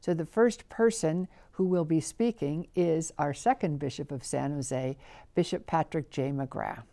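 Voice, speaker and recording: A woman's voice: sits low, measured pace, vocal fry. A woman interviewer who introduces speakers and affirms with short remarks. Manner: soft brief affirmations.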